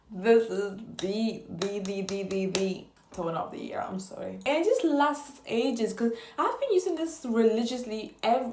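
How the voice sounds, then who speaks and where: A woman's voice: a little high, a little mellow, roomy sound. A woman vlogging casual beauty product reviews in a gushing way, repeating her words for emphasis.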